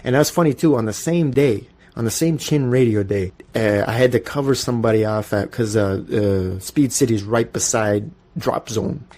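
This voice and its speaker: A Canadian man in his forties, a podcast host telling casual, profane stories in an animated way. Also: medium pitch, normal speed, few pauses. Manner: animated, profane, storytelling with acted-out quotes. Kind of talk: casual storytelling monologue.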